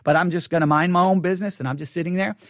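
A middle-aged man with a notably high voice races through a casual, rambling story. He grows animated, acting out other people's lines and rising almost to a shout when exasperated. The recording is dry, with nearly no room echo.

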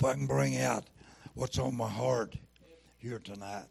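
A man preaching a sermon, breaking in with fervent shouts of praise. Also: medium pitch, steady tone, measured pace, long pauses. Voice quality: gravelly.

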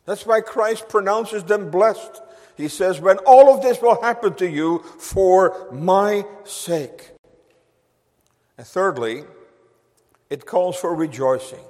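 A man preaching a sermon to his congregation, slow and emphatic, reading scripture solemnly. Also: high-pitched. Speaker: pastor. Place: church sanctuary. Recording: long reverb of a church hall.

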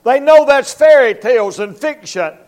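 A male evangelist with a drawl delivers a revival sermon in church. His voice sits very high, and he preaches emphatically, slipping into quick acted-out voices and sound effects. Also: animated, a little mellow. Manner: emphatic preaching, acts out voices and barking dog.

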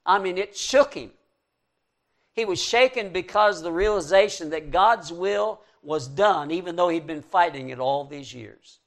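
A man preaching a sermon in an earnest, emphatic way, pushing key words up loud and letting conclusions drop soft. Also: high-pitched, lively intonation, measured pace.

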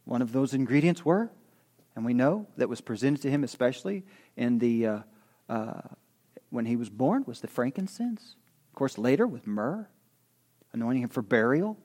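A man's voice: medium pitch, big pitch swings, moderate pace, a little mellow. A middle-aged man preaching an expository sermon to his congregation in a conversational way, often checking in with "okay?" and correcting himself mid-sentence. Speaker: pastor.

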